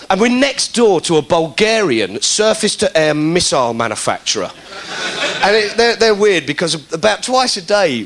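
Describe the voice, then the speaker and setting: A man's voice: fairly high pitch, fairly bright tone. A man telling a stand-up story in a sardonic, conversational way. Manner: conversational, sardonic, acting out characters. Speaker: comedian. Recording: hissy live recording.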